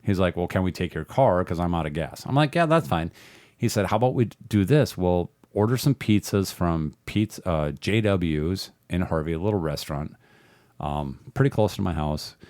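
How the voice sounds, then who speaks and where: Man, deep voice, casual rambling storyteller, swears a lot, dry close sound. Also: normal speed, darkish tone, no room sound. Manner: rambling, profane, laughs often. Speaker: podcast guest.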